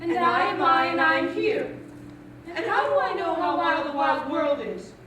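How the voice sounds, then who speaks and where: A woman's voice: very high-pitched, moderate pace, a bit bright, slight background noise. A woman playing a frightened girl lost in wild woods. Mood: fearful. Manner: anxious, pleading, repetitive stage speech. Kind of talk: stage play performance. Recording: echoey stage audio from a distant mic.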